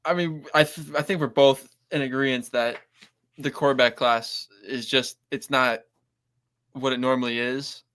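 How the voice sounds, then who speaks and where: A man's voice: mid-range voice, steady tone, a little slow, a bit bright, smooth. A young man co-hosting a podcast, joking around in slangy casual chat. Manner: jokey, laughs easily, slangy. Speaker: podcast co-host.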